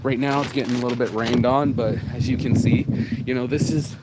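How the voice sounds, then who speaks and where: A man's voice: mid-range voice, fairly even intonation, fairly quick, heavy background noise. A man hosting his own video, shaken from crying, talking in a raw, profane, rambling way as he walks a street in the rain. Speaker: vlog host. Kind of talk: emotional walking monologue.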